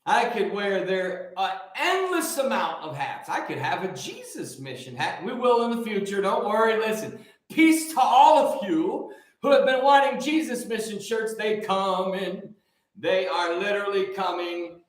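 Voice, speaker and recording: A man hosting a show and preaching casually, joking and rambling with lively energy. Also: high-pitched, unhurried. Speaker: host and preacher. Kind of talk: casual live preaching talk. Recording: very echoey room.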